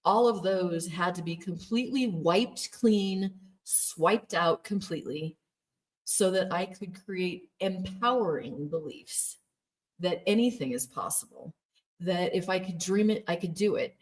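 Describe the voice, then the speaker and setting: A woman in her thirties recounts her own story in a frank, personal way, laughing now and then. Her voice sits a little low, and she is recorded from some distance from the microphone. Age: 30s. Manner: candid, laughs often, acts out quoted voices. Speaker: former Jehovah's Witness telling her story. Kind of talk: personal testimony.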